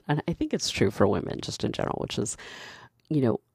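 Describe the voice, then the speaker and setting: A woman talks straight to the listener in a casual, opinionated commentary. Her voice is mellow and warm with a gravelly edge. She is candid and passionate, and she builds steadily toward emphatic points. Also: a bass voice, very animated, brisk, no room sound, clean studio sound.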